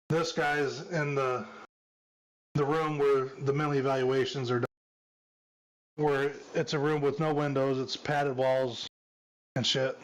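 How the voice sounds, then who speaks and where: A man's voice: medium pitch, low-quality recording. A former police officer, a man, telling a long story in casual chat, repeating words and "he said" often.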